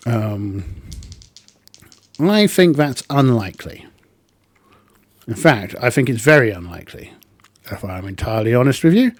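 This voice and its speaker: A man's voice: medium pitch, very animated, measured pace, pauses often, no room sound. A man narrating his solo tabletop game, thinking aloud with plenty of ums.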